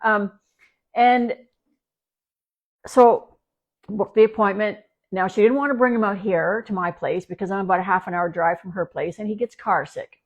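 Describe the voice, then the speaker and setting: Speaking at mid pitch with a steady tone and normal speed, a Canadian dog trainer chats casually on a live stream at home, her dog nearby. She rambles, restarting sentences and using fillers.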